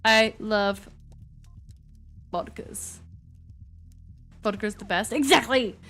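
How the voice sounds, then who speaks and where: A woman streamer in casual live-stream chat, excitable, loud and gushing. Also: medium pitch, takes it slowly, soft background music.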